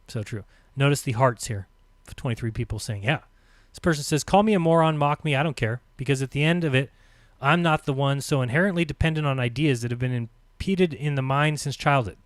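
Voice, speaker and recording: A man hosting a live stream, reading comments aloud with sarcastic, mocking remarks between quotes and dropping to a low mutter on short asides. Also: fairly quick, dry recording.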